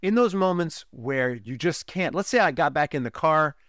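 A man's voice: fairly high pitch, expressive, moderate pace, a bit bright, no echo, studio quality. A man hosting a relationship podcast, giving an emphatic teaching monologue and repeating key lines for effect. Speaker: podcast host, relationship coach.

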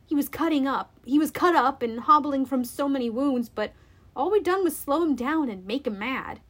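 A woman reading a first-person adventure aloud, expressive and deliberate. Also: high voice. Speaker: audiobook reader. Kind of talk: dramatic first-person storybook narration.

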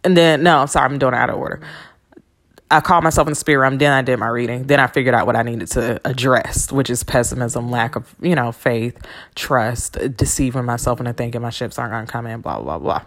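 A woman with a low voice and a gravelly edge hosts her own podcast as a spiritual reader. She talks candidly and bluntly, with plenty of swearing, telling personal stories in a loose, conversational way. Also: fairly even intonation, fast talker. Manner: frank, profane storytelling with laughs. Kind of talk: candid solo podcast talk.

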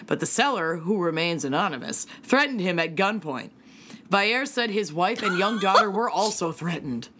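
A woman's voice: fairly low pitch, lively intonation, normal speed, a bit bright, slight background noise. A woman co-hosting a podcast, telling a crime story in a casual way, swearing freely and adding her own asides. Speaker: podcast co-host telling a case.

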